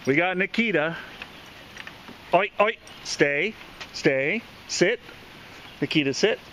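A man records a casual outdoor vlog as he walks his dog. His voice sits high and swings widely as he coos and calls to her. He speaks at an unhurried pace over faint background noise. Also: lively intonation, fairly bright tone. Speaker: dog owner vlogger. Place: outdoors on a walk.

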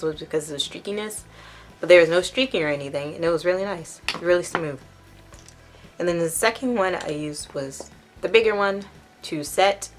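Young woman, low-pitched, stuffy nose, rambling chatty review, faint music behind. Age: young adult. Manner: chatty, rambling with self-corrections. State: congested. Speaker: beauty vlogger. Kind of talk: casual makeup box review.

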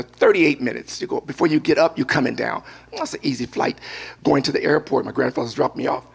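An older male pastor delivers a sermon. His voice is gravelly and a little husky, set at an ordinary pitch. He moves easily from reading scripture into telling a personal anecdote. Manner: storytelling preacher, mixes scripture with personal anecdote.

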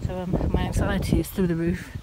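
A woman's voice: on the low side, flat delivery, a little fast. Chatty woman vlogging outdoors. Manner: chatty, breaks into fond baby talk to her cat. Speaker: van-life vlogger. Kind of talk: casual vlog chat to camera. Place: outdoors at a campsite field. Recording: outdoor background noise.

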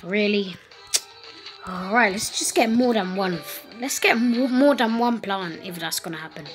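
A woman giving casual gameplay commentary at home, excitable and panicky, repeating words in quick bursts. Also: medium pitch, soft background music.

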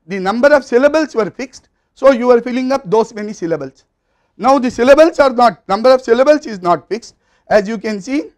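A man with an Indian English accent giving a university lecture, explaining step by step in a measured way with occasional fillers and restarts. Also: very high-pitched, a little mellow. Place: recording studio or classroom.

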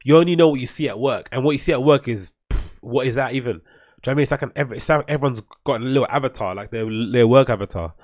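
A man's voice: mid-range voice, racing, darkish tone. A man hosting a solo podcast, rambling and swearing as he comments on videos. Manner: rambling, swearing, laughing often. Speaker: podcast host.

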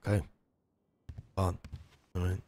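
A man teasing a housemate in casual role-play banter, deadpan and dry. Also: takes it slowly. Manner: teasing, deadpan, lively pitch. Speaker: role-play player character.

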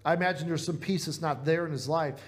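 A man's voice: on the high side, quick pace. A man with a Midwestern American accent preaching a sermon in a church, earnest and conversational, asking the congregation rhetorical questions. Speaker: pastor.

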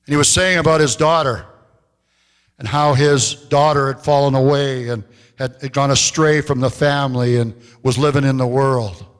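A man pastor preaching a sermon, telling stories and slowing down to stress key phrases. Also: fairly bright tone, clear, resonant tone. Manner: storytelling preacher, rises in pitch for quoted voices, slows for emphasis. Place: church sanctuary. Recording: long church hall reverb.

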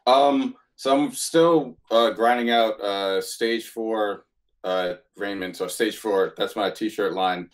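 A man's voice: lowish voice, slow pace, low-quality recording. A man guesting on a podcast, talking in a laid-back, hesitant way with plenty of "uh" and "um" fillers. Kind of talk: casual conversation.

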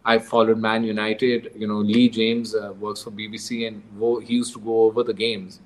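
Man telling a lively story. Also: fairly low pitch, moderate pace, rough recording. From Pakistan. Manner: lively, acts out dialogue, laughs often. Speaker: guest author. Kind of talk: conversational storytelling.

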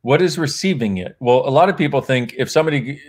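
Animated man telling stories with laughter. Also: medium pitch, fast. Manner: warm, laughs often, acts out remembered dialogue, rambles and self-corrects. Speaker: author and guest. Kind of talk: casual conversational storytelling.

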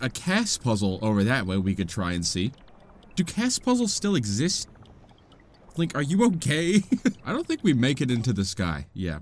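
A young man doing casual Let's Play commentary, goofy and self-mocking, swinging between loud yelps and low mutters. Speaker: gaming YouTuber.

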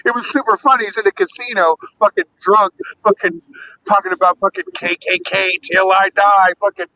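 Man, high voice, rambling swearing banter, stammering restarts, dry muffled audio. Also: steady tone, fairly quick, sharp tone, slight background noise. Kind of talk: casual profane banter.

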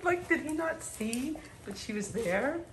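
A woman's voice: high-pitched, animated, measured pace, echoey room. A woman filming on her phone at home, talking baby talk to her dogs. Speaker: dog owner filming at home. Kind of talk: home video chatter. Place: home at night. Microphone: phone camera held by the speaker. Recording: noisy home phone video.

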